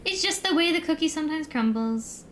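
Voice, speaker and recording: A woman's voice: high-pitched, expressive, a little fast, a bit bright, slight background noise. A young American woman streamer rambling in casual chat, laughing easily and filling her talk with "like". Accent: neutral American. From United States. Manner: rambling, chatty, laughs easily, filler-heavy.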